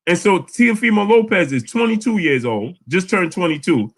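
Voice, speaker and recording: A man hosting a casual live boxing chat, animated, often repeating words. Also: sits high, moderate pace. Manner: animated, repeats words, reads super chats aloud. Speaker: boxing channel host.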